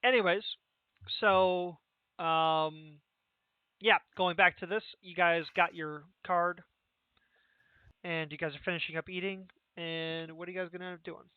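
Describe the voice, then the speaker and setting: A man's voice: high-pitched, fairly even intonation, measured pace, long pauses, clean tone, no room sound. Rambling young man running a tabletop game. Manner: casual, rambling, many fillers and restarts. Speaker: game master. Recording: tinny phone-like voice chat.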